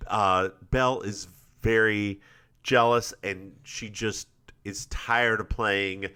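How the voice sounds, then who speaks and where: A man's voice: on the low side, takes it slowly, clear, resonant tone. A man co-hosting a podcast, recapping an episode in casual chat and acting out characters' lines. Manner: animated storyteller, acts out lines with shifting voices. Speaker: podcast co-host.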